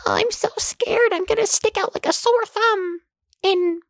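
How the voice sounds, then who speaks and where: A man squeaking as a fretful panicky tourist. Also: measured pace, vocal fry, fairly bright tone, no room sound, heavily acted. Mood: mock-scared.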